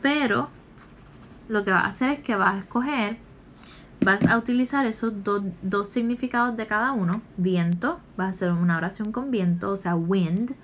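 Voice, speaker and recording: A woman teacher recording a lesson, slowly and patiently explaining each answer step by step. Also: medium pitch, slight background noise. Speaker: English teacher.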